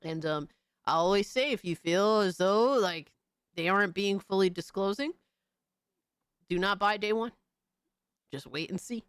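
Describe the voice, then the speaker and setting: A woman streamer giving casual commentary, animated and mocking, swearing freely. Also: mid-range voice, normal speed, long pauses, smooth, no room sound, studio quality.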